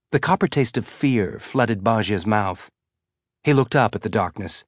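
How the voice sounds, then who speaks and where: A man reading a story aloud in a measured, even narration. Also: lowish voice, no room sound, clean studio sound. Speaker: audiobook narrator. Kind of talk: scripted narration.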